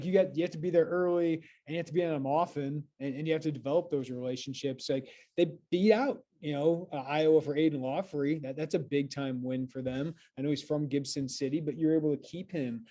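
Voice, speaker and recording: Mellow-voiced male podcast host. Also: fairly high pitch, brisk, few pauses. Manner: conversational, reading listener questions. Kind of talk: casual podcast interview.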